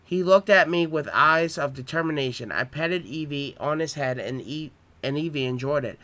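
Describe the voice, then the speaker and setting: A man's voice: a little high, moderate pace, bright, forceful tone, no echo. A man reading his own homemade story aloud, with plain delivery and small stumbles.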